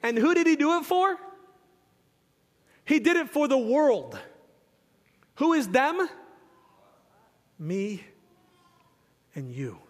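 A man's voice: very high voice, sing-song, slow pace, pauses often. A male pastor preaching a sermon with fervent emphasis, repeating phrases and restarting lines as he builds his points. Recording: long hall reverb.

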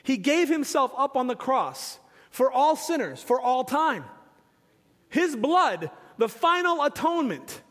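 Fervent high-voiced preacher in a reverberant hall. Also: male voice, big pitch swings, a little slow, a bit bright. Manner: fervent, emphatic preaching with many repeated phrases and restarts. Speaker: pastor. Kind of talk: sermon.

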